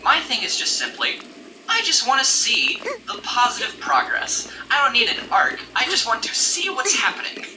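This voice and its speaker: A man's voice: very high-pitched, sing-song, moderate pace, noisy background. A man chatting casually as a podcast host, ranting with exasperated energy and breaking into laughs. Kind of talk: casual chat. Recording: echoey room, distant mic, music behind.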